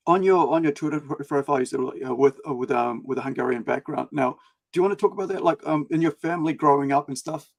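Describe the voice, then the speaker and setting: Brief: man as New host, gravelly, halting questions, dry sound. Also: fairly high pitch, no room sound. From New Zealand. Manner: hesitant, lots of ums and restarts. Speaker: podcast host. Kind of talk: casual interview chat.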